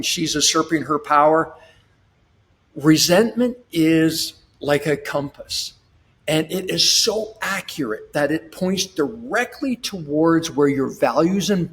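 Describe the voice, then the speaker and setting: A man working as a relationship coach, talking in an interview and acting out little scenes in put-on voices, with frequent restarts. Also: fairly high pitch. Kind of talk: podcast interview.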